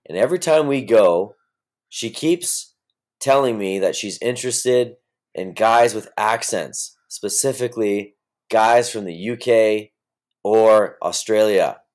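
A man from Canada leaves a relaxed, casual voicemail question. His voice sits on the low side and his delivery is easygoing. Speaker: caller.

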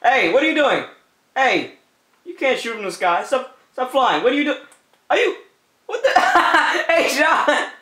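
A man's voice: very high-pitched, sing-song, normal speed, pauses often, bright, forceful tone, reverberant. A man giving playful let's-play commentary, teasing the other players and often breaking into laughter with goofy repeated calls. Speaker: gameplay commentator.

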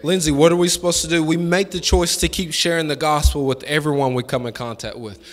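A man preaching a sermon as pastor, with folksy, colloquial phrasing and call-and-response lines that build to fervent shouting. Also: a little high, fairly even intonation, quick pace, big-room sound. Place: church sanctuary.

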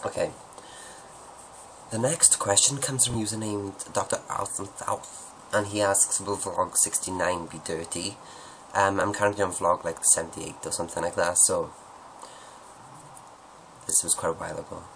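Deep-voiced man rambling through a Q&A. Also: steady tone, normal speed, creaky, long pauses, fairly bright tone, slight background noise, low-quality recording. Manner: rambling, joking, self-deprecating. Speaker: vlogger answering viewer questions. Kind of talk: casual Q&A monologue.

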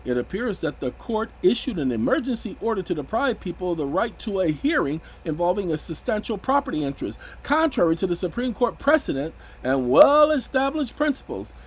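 A man's voice: high-pitched, big pitch swings, a little fast, hardly any pauses, slightly rough, poor audio. A man giving casual, emphatic commentary on legal rights, raising his voice sharply when indignant.

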